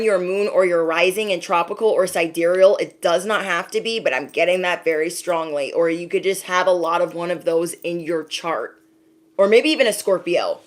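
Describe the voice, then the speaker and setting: A woman, an intuitive card reader, giving a casual spiritual reading to her viewers, talking emphatically with a lot of repetition and some casual swearing. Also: medium pitch.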